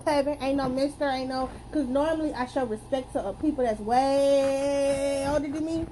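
A woman's voice: high voice, moderate pace, warm tone, slight background noise, poor audio. A young woman giving a blunt, profane opinion rant to camera, repeating herself for emphasis. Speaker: vlogger.

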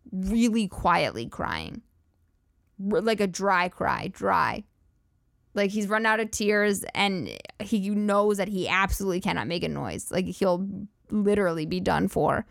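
A woman's voice: mid-range voice, moderate pace, gravelly, no echo, studio quality. A woman hosting a comedy podcast, rambling through profane, giggly riffs. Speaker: podcast host. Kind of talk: casual comedic monologue.

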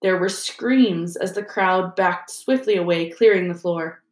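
A woman narrating an audiobook in a steady storytelling manner. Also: on the low side, unhurried. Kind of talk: audiobook reading. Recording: roomy echo.

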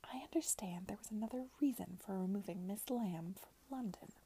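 A woman reading aloud softly, voicing a gossipy, confiding middle-aged chaperone in a whispered reading. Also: medium pitch, brisk, breathy edge. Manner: confiding, hushed.

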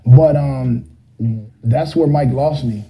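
A man's voice: mid-range voice, takes it slowly, creaky, warm tone, poor audio. A middle-aged man, a rapper, casually telling a rambling story full of fillers, now and then mimicking other voices.

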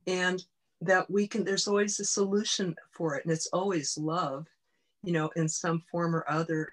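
Earnest woman coach telling her story. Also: lowish voice. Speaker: guest, body-mind coach. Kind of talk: personal storytelling in interview.

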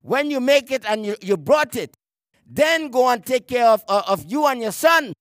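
A man preaching a sermon. He reads scripture aloud and preaches emphatically, slowing down to stress key words and sometimes repeating a word as he searches for the next one. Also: extremely high pitch, lively intonation, fairly bright tone, no room sound, studio quality.

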